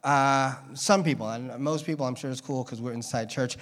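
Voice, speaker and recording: A man's voice: mid-range voice, moderate pace, fairly bright tone. A man preaching a casual sermon to a church congregation, joking and wandering off on tangents as he talks. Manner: rambling, joking, drifting into tangents. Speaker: guest preacher.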